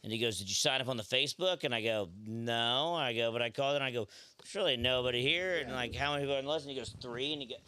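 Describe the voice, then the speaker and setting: A man's voice: medium pitch, fast, smooth, no room sound. A man with a Southern accent from Memphis, telling rambling stories in a casual podcast chat. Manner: rambling, animated storyteller. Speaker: podcast co-host.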